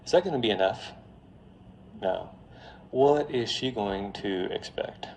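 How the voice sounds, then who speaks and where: A man lecturing on finance in a classroom, telling a story in a lively, joking way straight to his students. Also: medium pitch, a little slow, slight background noise. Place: classroom before a live audience.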